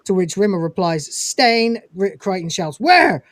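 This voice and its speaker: The man's voice is high-pitched and his pace is moderate; there's no echo. He runs a relaxed review show, chatting through episode recaps while animatedly retelling scenes and performing quoted dialogue.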